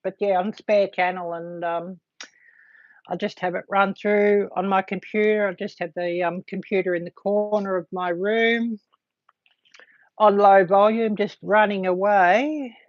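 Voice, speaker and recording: Woman livestream host, slow unhurried delivery, lots of ums, dull lo-fi home-mic sound. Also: mid-range voice, steady tone, dry recording. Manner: halting, filled with frequent ums. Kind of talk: casual livestream chat to viewers.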